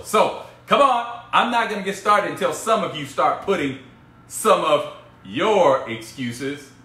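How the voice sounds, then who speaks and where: A man's voice: fairly high pitch, a bit bright, slight background noise. A man coaching on a casual live stream, playful and teasing as he talks to viewers. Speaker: business coach. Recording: echoey room with faint ambience.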